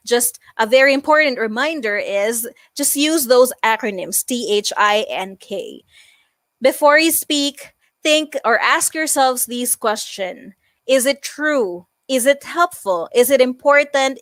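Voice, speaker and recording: A woman lecturing students at an online career seminar, animated and emphatic, often demonstrating tones of voice. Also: a little high, no room sound, clean studio sound. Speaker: career talk speaker.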